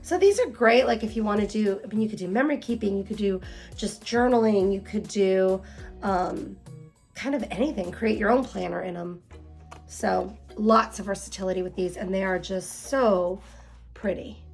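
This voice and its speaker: A woman's voice: medium pitch, normal speed, breathy edge, faint music behind. Gushing woman unboxing planner goodies. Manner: gushing, excitable, full of fillers and exclamations. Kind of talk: casual unboxing chat.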